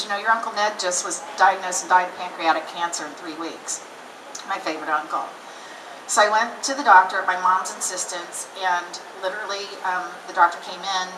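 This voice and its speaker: A woman's voice: mid-range voice, noisy background. A middle-aged woman telling a personal story at an outdoor rally, acting out the dialogue as she goes. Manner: animated storyteller, acts out quoted dialogue. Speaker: rally speaker. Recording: roomy distant camera audio with loud ambience.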